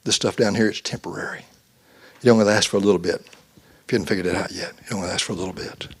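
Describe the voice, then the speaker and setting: A man's voice: on the low side, steady tone, fast, husky. A man giving a folksy, conversational youth sermon, acting out quotes as he goes. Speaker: youth pastor.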